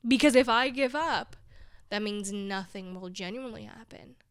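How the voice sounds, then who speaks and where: A woman's voice: mid-range voice, moderate pace, clear, resonant tone, dry recording, studio quality. A young woman hosting her own podcast, rambling in a casual monologue, weary and discouraged but laughing at herself, near tears at times. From big city. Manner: rambling, self-deprecating, laughs often. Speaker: podcast host.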